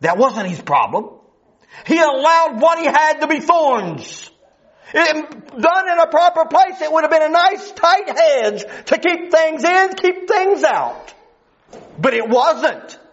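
A man's voice: extremely high pitch, lively intonation, slow, a bit bright. A man preaching a sermon, emphatic and full of rhetorical questions, on a dull lo-fi recording.

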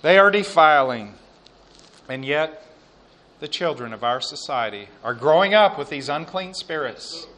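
Slow, bright-voiced male preacher. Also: a little high, lively intonation. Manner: slow, emphatic preaching, dropping to quiet asides. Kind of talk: sermon with scripture reading.

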